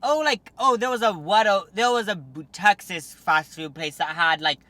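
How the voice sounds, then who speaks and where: A young man hosting a casual chat, reading viewer stories aloud with giggly, animated storytelling and lots of fillers. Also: sits high, normal speed, no room sound. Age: young adult.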